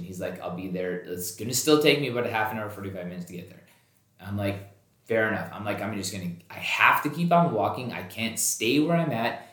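A man's voice: on the low side, fairly quick. Man, podcast host, casual storytelling, acts out quoted lines, swears a lot, echoey room sound. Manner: animated, acts out quoted dialogue, swears freely. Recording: roomy echoey recording.

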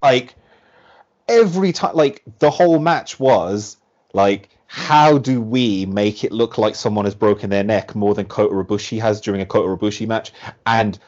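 A man co-hosting a casual podcast chat, rambling and animated, full of fillers. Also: lowish voice, normal speed, dull audio. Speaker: podcast co-host.

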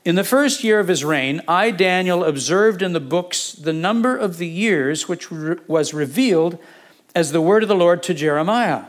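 A man with a fairly high voice preaches a Bible sermon. He teaches in a conversational way, adding asides, correcting himself, and quizzing his congregation as he goes. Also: animated, moderate pace. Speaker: pastor.

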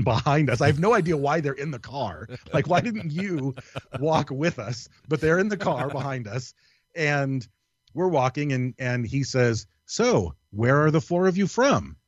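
A man tells a story with a guest's loose energy, swearing freely and laughing along with himself. His voice sits at a middling pitch. The recording is dry and a little dull. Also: no echo. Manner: animated, profane, laughs through his story. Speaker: podcast guest. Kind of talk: casual storytelling.

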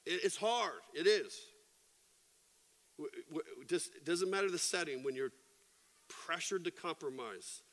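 A middle-aged man preaches in a large church hall, his voice sitting a little high for a man. He tells stories with animated energy, acting out sound effects and quoted voices. A long reverb trails behind every phrase. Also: measured pace, pauses often. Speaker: pastor. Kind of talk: sermon.

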